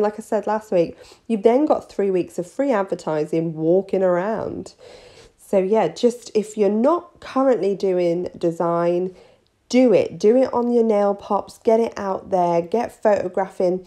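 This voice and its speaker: A woman's voice: mid-range voice, mellow. A woman, a nail artist, rambling cheekily through a casual tutorial vlog.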